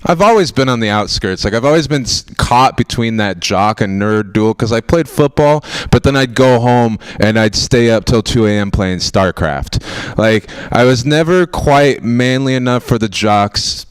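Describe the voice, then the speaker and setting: A young man from Florida doing a stand-up set, rambling and self-mocking, now and then bursting into loud mock outrage. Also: mid-range voice, animated, moderate pace, clean tone. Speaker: stand-up comedian. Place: TV studio stage with a live audience.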